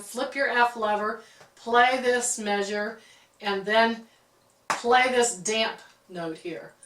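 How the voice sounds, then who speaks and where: A woman's voice: on the high side, a bit bright, recorded from a distance, a little hiss or hum. A woman teaching a harp lesson, explaining music terms patiently and often checking in with "okay". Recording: roomy, from off-mic.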